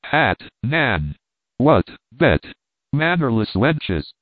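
A man voicing a gruff, brutal pauper father, harsh and commanding, with a tinny phone-like sound. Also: mid-range voice, sing-song, extremely slow, no room sound, heavily acted. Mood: angry.

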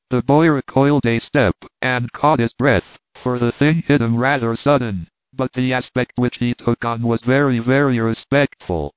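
A man reading a first-person story aloud in a wry, lively storytelling manner. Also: medium pitch, measured pace, no echo. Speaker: audiobook reader. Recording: dry phone-like sound.

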